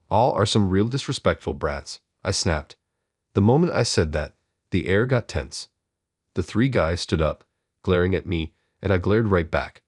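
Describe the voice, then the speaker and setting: A man reading a first-person story aloud in an even, measured way. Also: deep voice, breathy edge, no room sound, clean studio sound.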